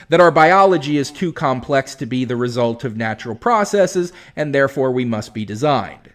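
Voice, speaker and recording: A man hosting a commentary video, responding to a clip in a sarcastic, exasperated, lecturing way. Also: medium pitch.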